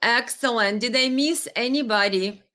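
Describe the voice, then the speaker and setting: A woman's voice: on the high side, normal speed, pushed and bright. A woman hosting a casual live stream, chatting with viewers and greeting them by name, sometimes stumbling over names.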